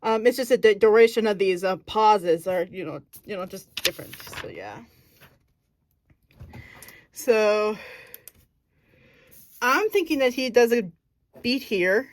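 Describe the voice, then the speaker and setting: A woman's voice: medium pitch, sing-song, slow pace, long pauses, dry recording. A woman casually explaining her acting technique. She thinks aloud, searches for words and corrects herself as she goes. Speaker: acting student.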